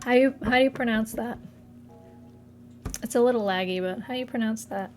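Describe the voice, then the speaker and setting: Giggly young woman streamer, high voice. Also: fairly quick, a little mellow, faint music behind. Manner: reads chat aloud, laughs often. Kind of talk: casual chat. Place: home streaming setup.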